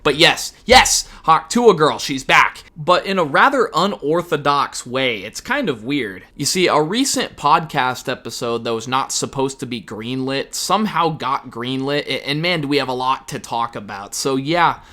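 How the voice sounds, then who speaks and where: A man delivers sarcastic reaction commentary in a bright, sharp voice. He talks in a casual, profane way, throwing in mocking asides as he reacts. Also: mid-range voice, animated, moderate pace, few pauses. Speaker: commentary YouTuber.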